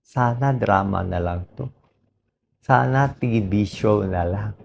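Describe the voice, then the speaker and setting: Hoarse, slow-talking Filipino man. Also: lowish voice, a little mellow, a little hiss or hum. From Philippines. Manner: slow, pleading, mixes English and Tagalog. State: hoarse, voice dried out. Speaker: doctor. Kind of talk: emotional personal vlog monologue.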